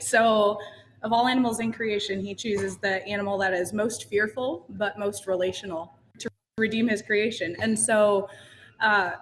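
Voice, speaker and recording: Woman guest telling a lively story. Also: mid-range voice, a little hiss or hum. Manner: animated storytelling with laughs. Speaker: podcast guest, ranch founder. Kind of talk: casual interview storytelling.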